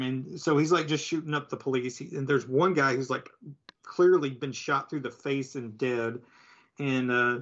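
A man with a middle-pitched voice casually retells a comic book story on a podcast. He rambles, restarts and fills gaps with "uh" and "like". The recording sounds a little dull and lo-fi. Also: a bit bright. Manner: rambling, filler-heavy storytelling. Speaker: podcast co-host. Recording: slightly dull lo-fi audio.

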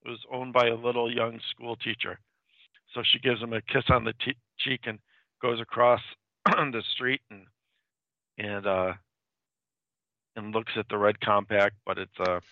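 Gravelly man on a tinny line. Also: medium pitch, steady tone, dry recording. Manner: halting, with frequent restarts and repeated words. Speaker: host retelling old film plots. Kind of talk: casual chat. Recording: dry, tinny phone-like sound.

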